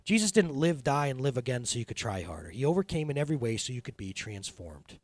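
Animated preaching man, lively pitch. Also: fast talker, dry recording. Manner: animated storytelling, swinging from quiet intensity to loud laughing bursts. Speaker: pastor. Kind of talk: sermon.

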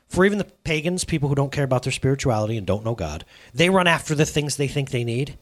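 Middle-aged male pastor, casual sermon, animated and chatty, quips at his own expense, quizzes the congregation. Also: mid-range voice, fast talker. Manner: conversational, self-deprecating, asks the congregation questions.

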